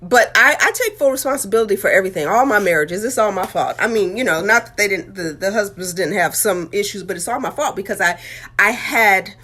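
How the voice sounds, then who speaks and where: A woman's voice: mid-range voice, animated, fairly quick, sharp tone. A woman and author telling her life story in a candid, heartfelt, conversational way. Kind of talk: candid personal testimony.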